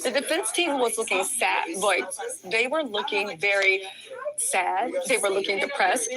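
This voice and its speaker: Chatty female livestream host, conversational and a touch high, with crowd noise behind. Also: poor audio. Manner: chatty, reads and thanks viewer comments. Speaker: livestream host covering a trial. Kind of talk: casual livestream commentary.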